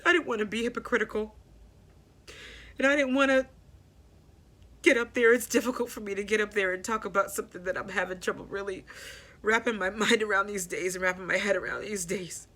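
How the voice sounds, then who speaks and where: Candid, bright-voiced woman host. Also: medium pitch, fairly even intonation. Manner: candid, halting, repeats phrases. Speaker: podcast host. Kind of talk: personal grief talk.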